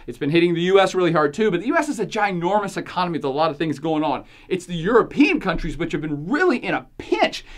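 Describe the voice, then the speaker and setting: A woman's voice: mid-range voice, a bit bright. Sarcastic woman podcast host. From United States. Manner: sarcastic, jokey, laughs often, emphatic asides. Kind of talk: opinionated podcast commentary.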